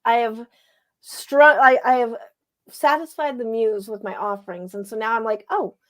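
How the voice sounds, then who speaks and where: A woman in her forties, a poet co-hosting a casual chat, talking in an animated, playful way. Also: fairly high pitch, normal speed. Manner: animated, playful, acts out voices. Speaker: poet and co-host. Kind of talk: casual chat and poetry reading.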